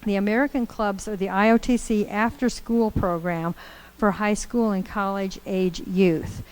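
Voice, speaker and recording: A woman's voice: medium pitch, fairly even intonation, measured pace, a little mellow, smooth, poor audio. A woman trainer giving a conversational, upbeat lecture to a group in a meeting room. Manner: conversational, upbeat, storytelling with acted quotes. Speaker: course trainer.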